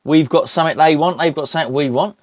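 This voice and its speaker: A man's voice: fairly high pitch, fast talker, dry recording, clean studio sound. A man from England rambling casually about football transfers and snacks, often restarting his sentences. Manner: rambling, chatty, self-interrupting. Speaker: football podcast host. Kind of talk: casual chat.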